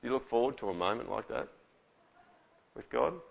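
A man's voice: medium pitch, lively intonation, moderate pace, vocal fry, lo-fi sound. Man, pastor giving a casual, conversational sermon. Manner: conversational, with frequent rhetorical tags.

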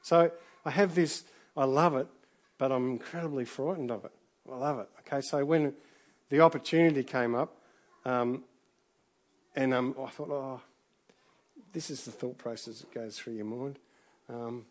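A middle-aged man preaching a sermon in a relaxed, conversational way, full of restarts and asides. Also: mid-range voice, normal speed, pauses often. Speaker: pastor.

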